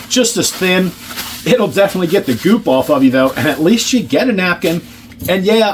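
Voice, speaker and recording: A man's voice: fairly high pitch, a little hiss or hum. A man eating and reviewing food in a casual vlog, joking, sarcastic and swearing casually, humming and chewing as he talks. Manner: chews and hums with his mouth full. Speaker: ration review vlogger.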